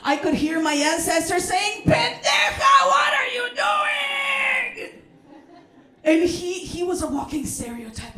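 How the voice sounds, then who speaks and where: A Mexican American woman performing a stand-up comedy set, brash and loud, shouting her punchlines and dropping in Spanish words. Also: high-pitched. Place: comedy club stage with audience. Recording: roomy club echo.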